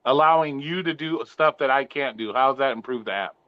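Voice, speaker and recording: A man's voice: mid-range voice, fairly quick, no echo. Argumentative man, dull dry sound. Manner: argumentative, repeating his questions. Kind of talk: casual debate.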